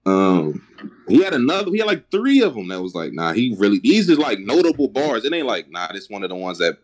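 Animated slangy man co-host. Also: lowish voice, fairly quick. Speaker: podcast co-host. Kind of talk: casual chat.

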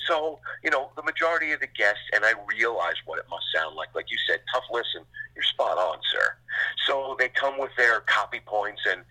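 A middle-aged man, a sports radio host, chatting casually in an interview, rambling through animated stories with quick asides. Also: fairly low pitch, low-quality recording.

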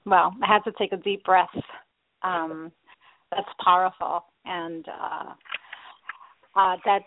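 A woman's voice: fairly low pitch, fairly even intonation, slow pace, no echo. A woman co-hosting a motivational talk show, responding in a heartfelt, affirming way over a tinny phone line. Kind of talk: talk radio chat.

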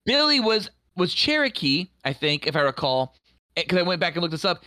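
A man's voice: high voice, sing-song, a little fast, bright, forceful tone, dry recording. A man co-hosting a podcast in casual, crude, rambling chat. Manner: rambling, crude, laughs easily. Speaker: podcast co-host.

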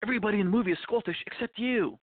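A man's voice: high-pitched, racing, no echo, voice pushed up. A man playing a pushy film director who explains things in a bossy way. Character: pushy male film director giving orders. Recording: tinny phone-like line.

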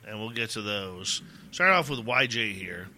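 Man hosting, with a bright voice. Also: lowish voice, animated, a little slow. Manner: brief reactions, reading audience questions. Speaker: host. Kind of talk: interview hosting.

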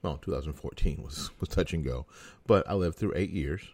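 A man's voice: very deep voice, a little fast, a little mellow, dry recording. A middle-aged American man giving a folksy, sarcastic opinion monologue as a talk show host.

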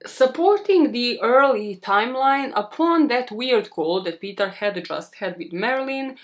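A woman hosting a true crime podcast, telling the story in a chatty, expressive way with blunt asides. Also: a little high, unhurried.

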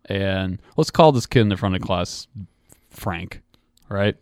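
Low-voiced man telling a rambling story. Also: animated, takes it slowly, clear, resonant tone, no room sound, studio quality. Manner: rambling, laughs often, many restarts. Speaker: podcast co-host. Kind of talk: casual chat, storytelling.

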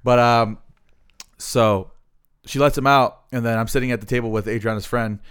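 A man hosting a podcast, talking in a relaxed, easygoing way in casual chat. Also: mid-range voice, normal speed, smooth. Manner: relaxed, easygoing talk with fillers. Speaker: podcast host.

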